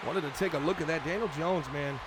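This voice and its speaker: Pitched fairly high and talking quickly, this man is a streamer playing a football franchise mode, chatting through each play like a fan of his team. The recording is very noisy, with video game music and sounds playing behind his voice.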